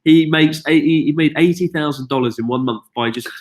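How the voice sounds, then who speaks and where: Tired British male host of a live Q&A stream; brisk, chatty, reads viewer questions aloud. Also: fairly high pitch, a little hiss or hum. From United Kingdom. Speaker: YouTube host.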